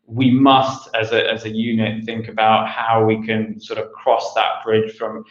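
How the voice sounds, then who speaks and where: Halting man giving an online talk. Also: lowish voice, completely flat delivery, a bit bright. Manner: hesitant, many fillers and restarts. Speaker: conference speaker. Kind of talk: online presentation. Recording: roomy, dull lo-fi audio.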